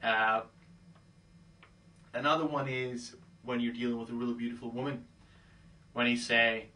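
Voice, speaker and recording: Man, dating coach, breezy casual talk, bright tense tone, a little off-mic. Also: medium pitch, level tone, moderate pace, long pauses, far from the mic. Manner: breezy, acts out pickup lines in quoted voices, says "okay?" a lot.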